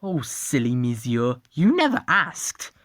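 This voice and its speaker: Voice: medium pitch, sing-song, takes it slowly, a bit bright, dry recording, clean studio sound. A storyteller voicing a smug male French chef dinosaur with put-on French flourishes.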